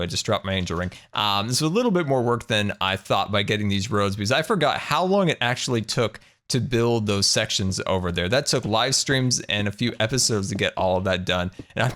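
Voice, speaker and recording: A man's voice: lowish voice, a bit bright. A man casually narrating his own gameplay in a let's play, chatty and upbeat, often breaking into laughter. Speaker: game commentator.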